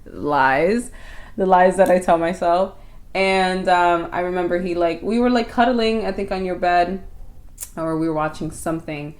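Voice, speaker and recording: Lively woman telling a love story. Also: fairly low pitch, unhurried. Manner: animated, acts out quotes. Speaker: podcast co-host. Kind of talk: casual storytelling chat.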